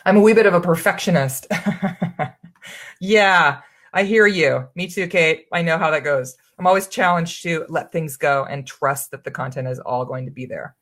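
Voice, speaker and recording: A woman's voice: deep voice, moderate pace, fairly bright tone. A woman coaching her audience in a live webinar, talking in an earnest, chatty and encouraging way, often restarting her sentences. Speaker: online business coach.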